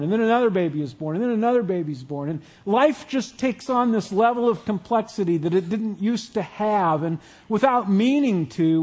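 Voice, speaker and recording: A male pastor preaching a sermon in a relaxed, conversational way, often asking the audience questions. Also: sits high.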